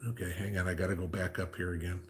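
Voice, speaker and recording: A man's voice: low-pitched, little pitch movement, fast talker, a little hiss or hum. A man hosting a casual livestream, reading viewer comments and chatting, with frequent "okay?" asides. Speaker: livestream host reading chat.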